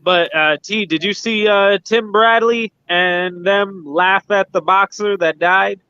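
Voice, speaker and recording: A man's voice: high-pitched, steady tone, slow pace, bright, forceful tone, clean tone. A man hosting a boxing livestream in casual chat, rambling with lots of fillers and restarts. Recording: dull lo-fi sound.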